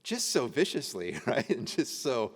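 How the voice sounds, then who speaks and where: A man's voice: mid-range voice, sing-song, a little slow, husky. Man lecturing in a church hall. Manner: conversational, laughing while reading old texts aloud. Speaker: adult education teacher. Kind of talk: church adult-education lecture. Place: church meeting room.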